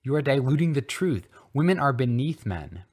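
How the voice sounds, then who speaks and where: A man's voice: mid-range voice, big pitch swings, normal speed, a little mellow, pitched above the performer's own voice. A man voicing a smug young bigot who drawls.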